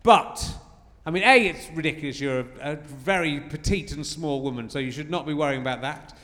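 Giggly high-voiced man hosting live. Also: a little fast, bright, forceful tone, long reverb tail. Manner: joking, rambling, giggly. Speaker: podcast host. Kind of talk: live comedy podcast interview. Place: theatre stage before an audience. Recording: live theatre with audience and music.

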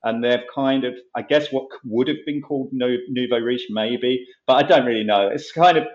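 A man from England, a comedian guest in casual chat, talking in a halting, rambling way with many restarts. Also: medium pitch, reverberant, lo-fi sound.

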